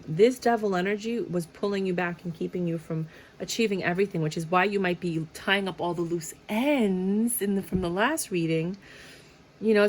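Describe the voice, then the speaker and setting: A woman's voice: on the low side, a little hiss or hum. A woman giving a casual tarot reading in a chatty way, often laughing and acting out little quotes. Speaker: tarot reader.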